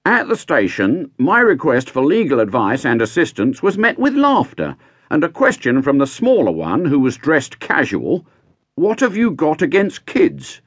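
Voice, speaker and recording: A man's voice: on the high side, huge pitch swings, moderate pace, fairly bright tone, husky, no echo, pitched above the performer's own voice, exaggerated voice. An actor playing a pedantic, aggrieved man formally recounting his arrest. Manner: formal, fussy, precise wording.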